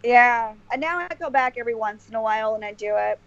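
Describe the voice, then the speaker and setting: A woman's voice: fairly high pitch, fast, no room sound. Woman rambling earnestly as a podcast guest, lots of restarts, kinda dull lo-fi audio. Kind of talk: casual interview chat. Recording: dull lo-fi dry sound.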